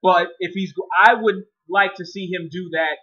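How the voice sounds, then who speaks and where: A man's voice: sits high, fairly even intonation, normal speed, dull audio. A man giving a casual spoken movie review, profane and rambling, often restarting his sentences.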